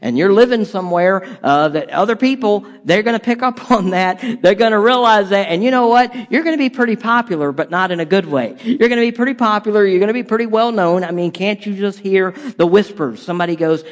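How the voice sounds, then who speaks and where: High-voiced man preaching in a hall. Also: expressive, fairly quick, hardly any pauses. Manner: conversational preaching with repeated rhetorical questions and stumbles. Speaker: pastor. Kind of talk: sermon.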